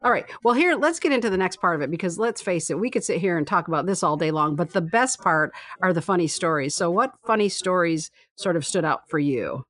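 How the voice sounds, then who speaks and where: A woman's voice: on the low side, expressive, fairly quick, few pauses, fairly bright tone, no echo. A woman from Michigan in casual conversation, rambling and correcting herself with small chuckles. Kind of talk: casual book discussion.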